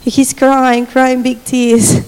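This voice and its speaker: A woman telling a faith story in a sermon, animated, laughing often and acting out what people said. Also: high-pitched, very slow, clear, resonant tone. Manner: animated storytelling with frequent laughter and acted quotes. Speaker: speaker sharing a testimony. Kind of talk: testimony sermon. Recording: long reverb of a large hall.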